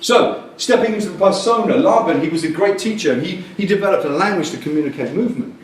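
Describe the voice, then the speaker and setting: A conference speaker gives an animated keynote, talking fast with a pitch that jumps all over as he jokes and acts out little scenes in different voices. His voice sits a bit high for a man and sounds far from the mic. A big echoey hall rings around him, with faint room noise underneath.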